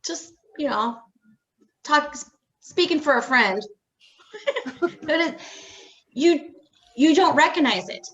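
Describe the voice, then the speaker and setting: A woman with a high voice hosts a relaxed music interview. She wanders through her thoughts with easy laughs, and her mic sounds slightly dull and muffled. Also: slow pace, long pauses. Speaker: radio show host. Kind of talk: casual interview chat.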